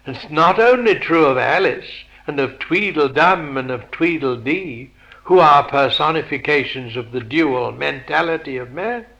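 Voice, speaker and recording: A man giving a philosophical lecture, measured and posing rhetorical questions to his listeners. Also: on the high side, vocal fry, bright, forceful tone, lo-fi sound.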